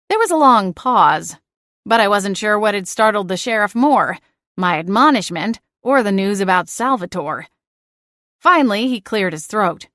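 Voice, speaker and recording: A woman narrating a first-person audiobook in a lively, expressive way. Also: medium pitch, normal speed, no echo, clean studio sound.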